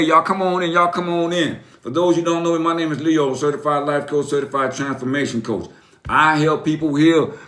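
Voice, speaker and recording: A man's voice: fairly high pitch, fairly bright tone. A middle-aged man, hosting a casual livestream as a life coach, welcoming viewers by name and repeating phrases like a preacher.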